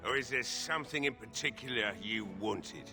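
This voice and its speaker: An actor playing a middle-aged blacksmith in a video game, drunk, bitter and grieving, with a gruff, curt, weary way of talking. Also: male voice, medium pitch, normal speed, over music, lightly acted. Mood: wry.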